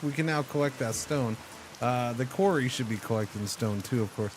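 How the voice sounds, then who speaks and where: A man streaming a game, chatting casually with his viewers in an animated, joking way. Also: medium pitch, fairly quick, a little hiss or hum. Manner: animated, joking, talks to chat. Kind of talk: casual live-stream commentary.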